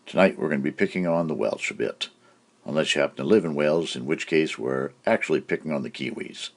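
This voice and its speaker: A man's voice: a bass voice, quick pace, vocal fry. A man hosting a cartoon comedy show, telling jokes in a brash, punchy way. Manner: brash, punchy joke delivery with put-on voices. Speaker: comedy host. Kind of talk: joke-telling comedy monologue.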